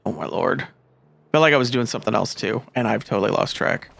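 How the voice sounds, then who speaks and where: A man's voice: medium pitch, lively intonation, a little fast, gravelly, a bit bright, dry recording. A man giving casual gameplay commentary, thinking aloud in a rambling way and getting easily exasperated. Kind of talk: casual let's-play commentary.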